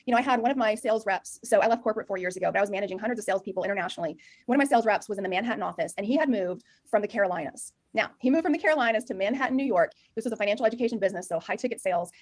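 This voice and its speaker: A middle-aged Texan woman leads a sales training session, speaking loudly and emphatically. She talks at a rapid clip, with an ordinary mid-range pitch. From Texas. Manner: loud, emphatic, talks very fast. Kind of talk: energetic presentation to a room.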